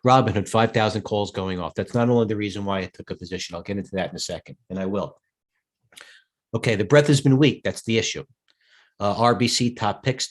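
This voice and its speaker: Tired, rambling man on market talk. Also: fairly low pitch. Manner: rambling, digressive, stops to answer chat questions. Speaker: host and stock broker. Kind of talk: live market commentary.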